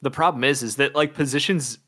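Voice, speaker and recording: A man's voice: medium pitch, brisk, fairly bright tone. A man co-hosting a casual sports chat, talkative and analytical, thinking aloud as he goes. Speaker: co-host, draft analyst.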